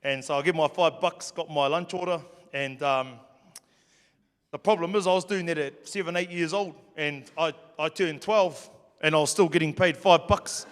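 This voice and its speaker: A man's voice: on the high side, a bit bright. Joking New Zealand man in a hall. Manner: casual, joking, swears freely. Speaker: speaker. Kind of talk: storytelling talk to a live audience. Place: hall with an audience. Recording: long reverb of a hall.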